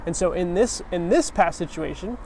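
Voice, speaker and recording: A man's voice: high voice, moderate pace, a little mellow, a little hiss or hum. A man giving a casual, earnest sermon, talking conversationally with frequent restarts.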